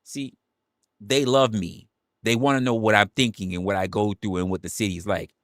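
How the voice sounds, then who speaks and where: A young New man who rants animatedly on a livestream, repeating his lines and joking along the way. His voice sits a bit low and sounds dry and close, with no room around it. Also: steady tone, moderate pace, a bit bright, no echo. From New York City. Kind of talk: casual livestream rant.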